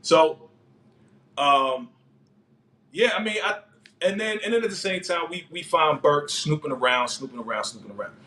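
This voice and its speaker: A man hosting a casual live TV episode recap, speaking a little higher than most men. He is excitable, laughs often and leans on street slang, like a fan talking the episode through with his viewers. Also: a little slow, long pauses, a little hiss or hum. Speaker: TV show recap host.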